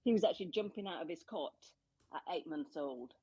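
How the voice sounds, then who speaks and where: A woman in her forties, a caller in a group chat, talking in a lively, emphatic way about her four kids. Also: sits low, a little fast, slightly rough, dry recording, poor audio. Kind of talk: casual chat.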